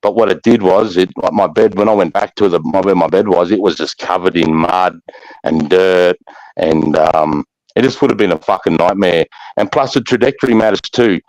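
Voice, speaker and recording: A middle-aged Australian man, a former soldier, telling war stories in casual, rough-spoken chat, swearing freely and trailing off into fillers. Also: deep voice, moderate pace, darkish tone, no room sound, rough recording. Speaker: army veteran guest.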